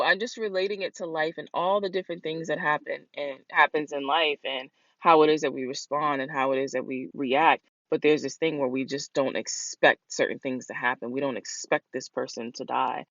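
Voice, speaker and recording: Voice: medium pitch, a bit bright, no echo. Rambling, candid podcast host, dull dry sound. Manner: rambling and candid, filled with "like" and "you know". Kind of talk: casual solo podcast monologue.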